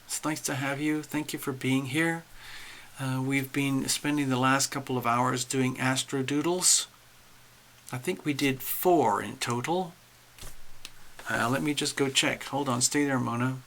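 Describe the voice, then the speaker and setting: A man's voice: mid-range voice, steady tone, a little slow, a bit bright, slight background noise. A man hosting a casual astrology livestream, chatting animatedly to viewers while drawing charts.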